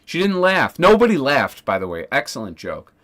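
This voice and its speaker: A man's voice: medium pitch, huge pitch swings, normal speed, fairly bright tone. A man streaming casually, ranting sarcastically with lots of swearing, fillers and restarts. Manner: profane, sarcastic, rambling with many fillers.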